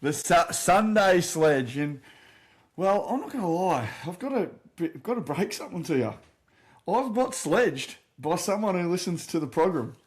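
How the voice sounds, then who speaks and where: An Australian man co-hosting a podcast, telling a story in a casual, animated way and laughing through it. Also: sits high, moderate pace. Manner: animated yarn-spinner, quotes others loudly, laughs through stories. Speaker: podcast co-host.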